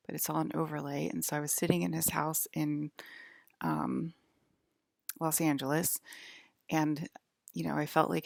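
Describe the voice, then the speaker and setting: A woman vlogger rambles casually from her bedroom, leaning heavily on the filler "like." Her voice is low and creaky. The recording is clean studio-quality sound with no room sound.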